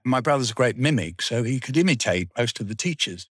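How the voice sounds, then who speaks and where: A man's voice: medium pitch, expressive, a little fast, breathy edge, no echo. Older Englishman telling school stories. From England. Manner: rambling storyteller, dry humour. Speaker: guest. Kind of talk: reminiscing interview.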